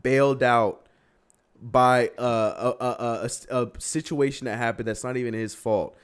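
A young man running a casual sports talk stream about basketball goes on a heated rant and laughs at his own words. His voice is smooth and steady, medium in pitch, at a moderate pace.

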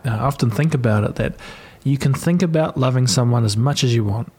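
A man's voice: medium pitch, brisk, darkish tone, breathy edge. A man hosting a podcast, musing earnestly in casual conversation. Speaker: podcast host.

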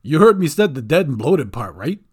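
A brash little male goblin, voiced by a man, blurts out everything loudly and cracks jokes. The voice sits a bit higher than the narrator's own and swings lively. It belongs in a storybook audio drama. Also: normal speed, husky. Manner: loud, wisecracking.

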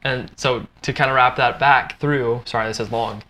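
A young man hosts a podcast in relaxed, rambling talk that leans heavily on "like" as he retells a story. His voice is bright and forward, with a faint background hiss on the recording. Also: mid-range voice, moderate pace. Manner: loose and rambling, heavy use of "like". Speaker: podcast host. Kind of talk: casual chat, retelling a film plot.

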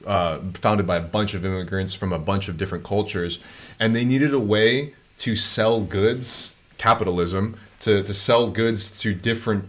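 A man with a low-pitched voice trading jokes in casual chat. He swears freely and laughs a lot. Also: moderate pace.

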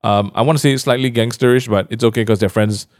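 A man's voice: mid-range voice, fast. A young man, telling a story in a casual chat, laughing often and acting out what others said. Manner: animated storyteller, laughs often, acts out quoted voices.

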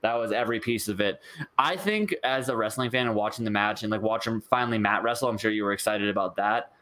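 A man co-hosting a podcast, ranting in an exasperated, fast way about a wrestling show. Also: on the low side, a bit bright. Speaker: podcast co-host. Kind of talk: casual wrestling review chat.

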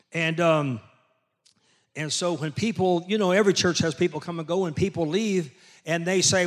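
An older man, a pastor, preaching a sermon in an emphatic way that builds to loud peaks. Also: a little high.

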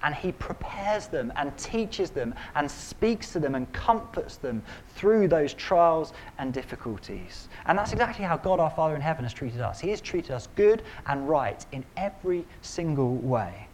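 A man preaching a sermon in an animated, conversational way, acting out quotes. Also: fairly high pitch, moderate pace, few pauses, a little hiss or hum. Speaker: pastor.

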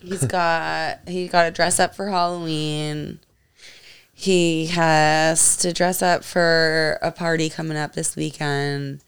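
A woman's voice: sits low, flat delivery, takes it slowly, clear, resonant tone. A woman chatting casually about her child, sounding worn out and venting. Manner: weary, venting. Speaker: contestant, parent. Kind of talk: casual chat.

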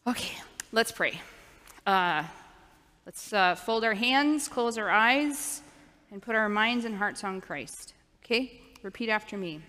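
A woman with a bright, clear voice gives a children's sermon in a church sanctuary. She speaks slowly and patiently, coaching the children to repeat after her. Her voice carries a long reverb from the big hall. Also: mid-range voice, animated. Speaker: children's minister.

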